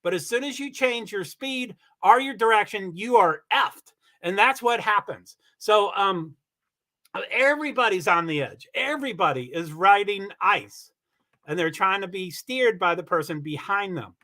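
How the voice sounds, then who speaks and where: A man hosting a livestream, giving rambling, chatty commentary on a car race and swearing when he gets excited. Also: sits high, moderate pace. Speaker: livestream host. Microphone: computer mic on a streaming call.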